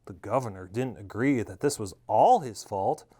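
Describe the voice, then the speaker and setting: A man reading a children's story aloud, animated and expressive. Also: on the low side, measured pace, slightly rough.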